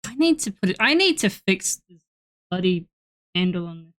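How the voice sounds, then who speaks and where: A woman's voice: mid-range voice, big pitch swings, moderate pace. A woman, streaming casually from home into a desk mic, muttering and swearing to herself and cooing baby talk to her pet. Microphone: desk microphone.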